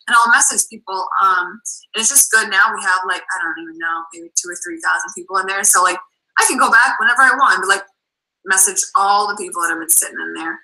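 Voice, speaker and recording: Bright-voiced woman with a Boston accent. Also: medium pitch, low-quality recording. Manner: chatty, quick, full of "like" and "um". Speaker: guest coach. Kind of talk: casual chat on a team call.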